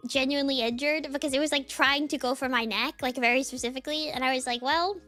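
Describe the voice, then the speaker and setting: A woman's voice: high-pitched, fast, faint music behind. A young woman streamer chatting casually with her viewers, rambling with lots of filler words. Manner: rambling, many "like" fillers, lively swings. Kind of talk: casual chat with chat readers.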